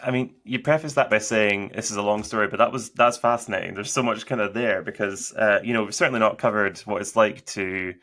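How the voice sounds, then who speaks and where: A man conducting a relaxed interview, asking long questions padded with "kind of" and "you know". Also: fairly low pitch, fairly quick, few pauses. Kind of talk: conversational interview.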